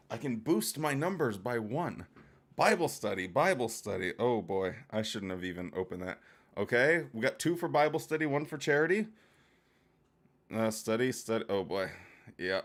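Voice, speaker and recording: A man hosting a casual livestream, greeting viewers in chat by name and chatting in a loose, rambling, joking way. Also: mid-range voice. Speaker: livestream host.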